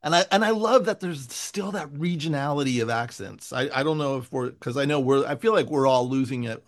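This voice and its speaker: A man from San Francisco in casual chat, animated and enthusiastic, often breaking into laughs. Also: medium pitch, a little fast.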